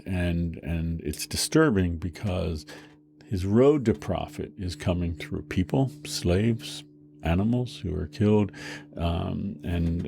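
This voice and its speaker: A man's voice: low voice, gravelly, dark tone, a little hiss or hum. A male lecturer giving a conversational university lecture, full of fillers and restarts.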